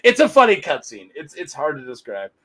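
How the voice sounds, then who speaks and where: A man's voice: a little high, huge pitch swings, brisk, sharp tone, slightly rough, low-quality recording. A man co-hosting a podcast, chatting casually, rambling with frequent laughter. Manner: rambling, laughs often, quotes characters in playful voices. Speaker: podcast co-host. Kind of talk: casual chat.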